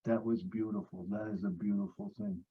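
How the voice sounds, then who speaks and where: A man's voice: on the low side, steady tone, brisk, breathy edge, narrow, tinny audio. A man sharing a personal story on a video call, earnest, repeating phrases, with many fillers. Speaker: support group member.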